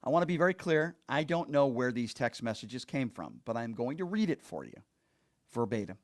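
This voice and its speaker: A man's voice: medium pitch, big pitch swings, moderate pace. A man hosting a call-in talk show, speaking earnestly and emphatically and repeating his points for stress.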